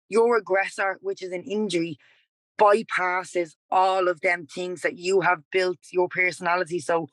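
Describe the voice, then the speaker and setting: The twenty-something yoga and dance teacher from Dublin, Ireland tells a personal story as a podcast guest, rambling and animated, candid throughout and repeating "like" and "he was like." Her voice is lowish, and the recording is dry and low-quality.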